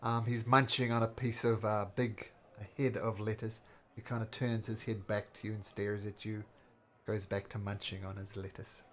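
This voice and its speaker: A man running a tabletop game as game master, chatty and quick to laugh, often restarting his sentences. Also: lowish voice, level tone, a bit bright.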